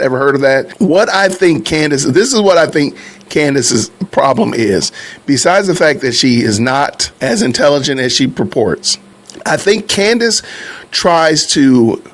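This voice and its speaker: A man hosting a podcast, reacting to clips in casual, conversational commentary that often turns to his viewers. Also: medium pitch. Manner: conversational, repeats himself, addresses viewers.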